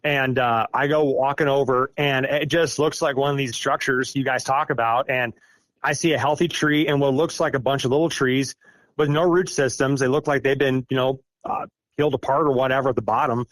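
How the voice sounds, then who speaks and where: A man's voice: medium pitch, steady tone, fairly quick, a bit bright, no echo. Rambling man from Iowa, dry sound. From Iowa, United States. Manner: rambling, self-deprecating, with frequent fillers. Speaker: guest recounting an encounter. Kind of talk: casual storytelling.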